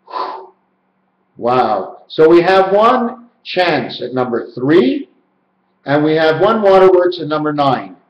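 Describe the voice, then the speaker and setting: Slow-talking guy rambling on, singsongy, boomy room on a muffled cheap mic. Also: very animated. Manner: sing-song, repeats words in chants, stretches syllables. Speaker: video maker explaining number and letter theories. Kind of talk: rambling solo monologue. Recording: roomy, dull lo-fi home recording.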